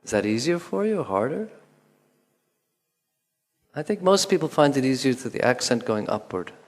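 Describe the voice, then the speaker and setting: A man calmly guiding a movement lesson, giving instructions with pauses and counted beats. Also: mid-range voice. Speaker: movement teacher. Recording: long hall reverb.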